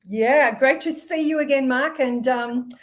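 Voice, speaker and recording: A woman from Australia with an Australian accent, a sales expert explaining her ideas in an interview, thoughtful and measured. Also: high voice. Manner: thoughtful, measured, with ums and light laughs. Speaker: podcast guest, sales expert.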